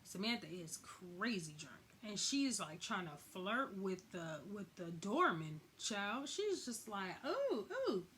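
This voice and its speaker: A woman's voice: medium pitch, expressive, takes it slowly, hardly any pauses, bright, forceful tone, a little hiss or hum. A woman giving a casual, slangy recap of a TV episode, acting out the characters' lines as she goes. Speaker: recap vlogger.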